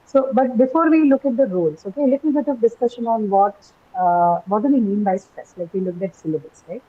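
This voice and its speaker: A woman's voice: medium pitch, a little fast, a little hiss or hum. A woman teaching an English lesson over a video call, explaining step by step with many fillers and "right?" checks. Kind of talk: online class lecture. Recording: dull lo-fi online call audio.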